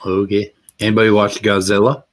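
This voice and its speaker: A man's voice: lowish voice, flat delivery, fairly quick. A man hosting a livestream, chatting in a laid-back, plain-spoken way. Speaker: livestream host. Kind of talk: casual chat.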